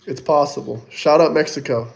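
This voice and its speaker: A young livestream host reads chat and answers each viewer casually at a moderate pace. His fairly high voice is creaky, and his replies are mocking and taunting, full of swearing.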